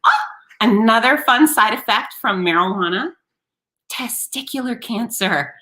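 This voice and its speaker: A woman hosting a live-streamed talk show, chatting with viewers in an animated, sarcastic way. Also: a little high, a little slow. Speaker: host.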